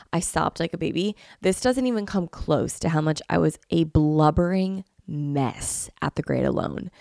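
Young woman host with a cold, effusive and gushing, low gravelly voice, dry close sound. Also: a little mellow, dry recording. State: has a cold, sniffling. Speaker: podcast host. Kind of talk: casual chat.

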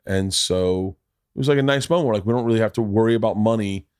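A man's voice: on the low side, fast, clear, resonant tone, no room sound, studio quality. A middle-aged man hosting a podcast, telling stories casually, acting out the voices in them and swearing freely. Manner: animated, acts out quotes, profane. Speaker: podcast host. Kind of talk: casual conversational storytelling.

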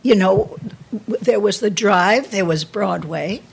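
Husky-voiced older New woman. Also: medium pitch. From New York. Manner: halting, with frequent restarts and repeated words. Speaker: guest, actress. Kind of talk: candid reminiscing interview.

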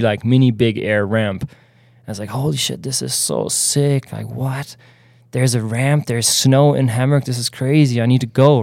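A man's voice: medium pitch, a little mellow, no echo. Laid-back German-raised man, dry close sound. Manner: laid-back, fills speech with "like" and "um". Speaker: podcast guest, snowboarder. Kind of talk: casual interview chat.

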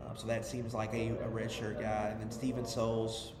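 A man co-hosting a casual sports podcast, breaking things down in a measured, analytical way with dry humor. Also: lowish voice, completely flat delivery. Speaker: podcast co-host. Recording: echoey room, long reverb, background noise.

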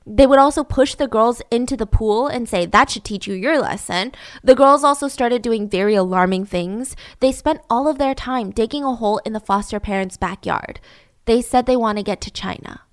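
A young woman recounts a true-crime story in a casual, chatty way, with wry, sarcastic asides along the way. Her voice sits fairly high for a woman. The recording is close and dry, with no room sound. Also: moderate pace, no room sound.

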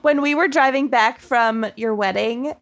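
A woman podcast co-host tells a story in a chatty, easygoing way and quickly joins in the jokes. Her voice sits a little above the usual female range. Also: fairly high pitch. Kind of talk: casual chat.

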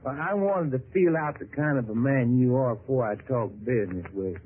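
Playing Dixie, a wheedling, folksy Southern middleman with a smooth line of talk, an actor uses a husky, natural, medium-pitched voice at a slightly fast clip. It comes from a 1950s radio drama with tinny, lo-fi old-broadcast sound.

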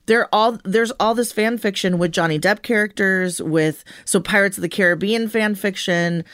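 A woman's voice: mid-range voice, normal speed, fairly bright tone, no echo, studio quality. A woman talking casually in a group chat, laughing often and filling her talk with "like". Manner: laughs often, says "like" a lot.

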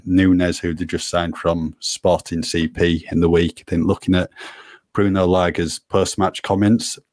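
A man co-hosting a football podcast, talking in a steady, deadpan way. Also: low voice, no echo, studio quality. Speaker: podcast co-host. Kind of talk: casual football chat.

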